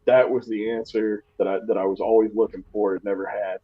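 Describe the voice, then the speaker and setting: A man's voice: fairly low pitch, level tone, fairly quick, breathy edge, phone-quality sound. A man co-hosting a podcast in casual chat, telling stories with a self-deprecating humor and frequent restarts. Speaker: podcast co-host.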